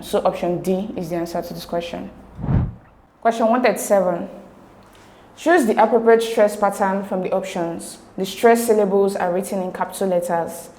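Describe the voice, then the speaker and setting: A woman tutor explaining exam answers step by step, slowly breaking words into syllables. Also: medium pitch, warm tone. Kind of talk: explanatory lesson walking through exam answers.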